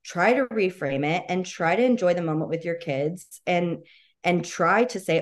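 Lower-voiced woman, casual and encouraging. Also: moderate pace. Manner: casual and encouraging, many "like" and "you know". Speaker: podcast guest. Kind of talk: casual podcast interview.

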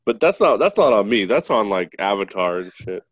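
A man's voice: lowish voice, sing-song, normal speed, no room sound, clean studio sound. A man with a child, joking around sarcastically in a casual chat. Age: adult with a child.

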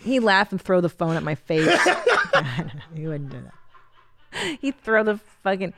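A woman's voice: lowish voice, slow pace, heavy background noise. Candid middle-aged woman podcast host. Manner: candid, animated, profane, laughs often. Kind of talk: casual podcast chat, reading a listener email.

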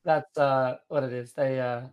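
A man's voice: medium pitch, steady tone, unhurried, smooth, highs cut off. A young man, a streamer, talking in a casual chat, rambling and hesitant with lots of fillers. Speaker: streamer guest.

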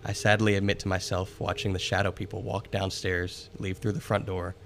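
A man's voice: low voice, flat delivery, fairly quick, creaky, a little hiss or hum. A man on a podcast reading a ghost story aloud dramatically, stumbling over words now and then. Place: room with friends, candle lit.

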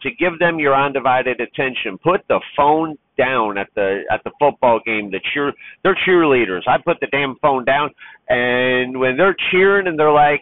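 A man's voice: medium pitch, lively intonation, moderate pace, dry recording. A man who drives trucks talks heartfelt and near tears about being a father, rambling with restarts. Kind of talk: personal vlog monologue. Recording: tinny phone-like sound.

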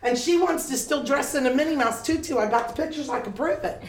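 An older woman preaching a sermon, telling lively stories with laughter in a preaching cadence. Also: high voice, brisk, noisy background. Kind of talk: sermon with storytelling. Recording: echoey room picked up from a distance.

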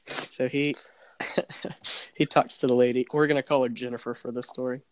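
A young man telling a funny story in casual chat, animated and laughing as he acts out the people in it. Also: medium pitch, moderate pace, slight background noise. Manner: animated, laughing, acts out voices in his stories.

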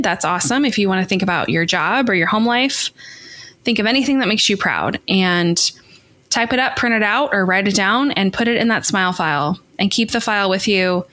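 A woman's voice: medium pitch, fairly bright tone. A woman co-hosting a podcast, talking in an upbeat, encouraging way to her listeners. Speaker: podcast co-host. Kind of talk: casual chat.

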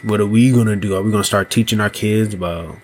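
A man hosting a solo podcast, talking slowly and loosely, often asking "you know what I mean". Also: on the low side, fairly even intonation, a little hiss or hum. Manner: slow, thoughtful delivery with small laughs. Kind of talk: casual solo podcast monologue.

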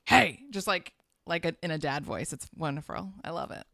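A woman co-hosting a podcast, chiming in with quick reactions and asides. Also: sits low, a bit bright, dry recording, clean studio sound. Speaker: podcast co-host. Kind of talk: casual chat.

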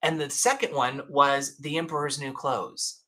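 Bright, emphatic male podcast guest. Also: medium pitch, fairly even intonation, a little slow. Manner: emphatic, storytelling, frequent restarts. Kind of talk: casual interview chat.

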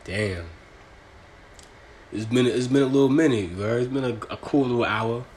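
A man's voice: medium pitch, normal speed, darkish tone, slight background noise. A young man hosting a casual solo podcast, talking in a profane, rambling, slang-heavy way. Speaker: podcast host.

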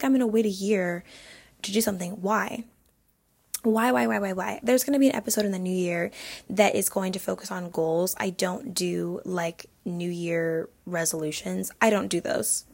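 A chatty young woman in her twenties talks through a solo podcast. Her voice is husky with a gravelly edge, and "like" fills her sentences. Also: medium pitch, darkish tone. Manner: chatty, heavy use of "like". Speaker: podcast host. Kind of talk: casual solo podcast chat.

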